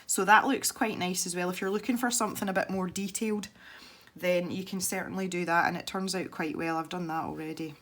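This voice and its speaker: Scottish woman, art channel host, low pitch, casual tutorial chat, rambling, laughs easily. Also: steady tone, brisk, a bit bright. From Scotland.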